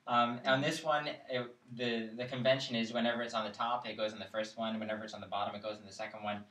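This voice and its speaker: A man leads a chant class in a middle-pitched voice, explaining each point patiently and stopping to ask whether everyone follows. He stands well back from the microphone, and the room gives his voice a clear echo. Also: flat delivery, fast, bright, forceful tone. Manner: explains patiently, checks in with students. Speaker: chant teacher. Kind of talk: live classroom lesson. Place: classroom, live-streamed. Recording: echoey room, mic far off.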